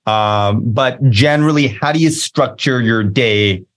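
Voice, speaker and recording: A man's voice: mid-range voice, unhurried. A man hosting an interview, curious and inquisitive as he asks questions. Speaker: interviewer, host. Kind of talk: casual interview talk.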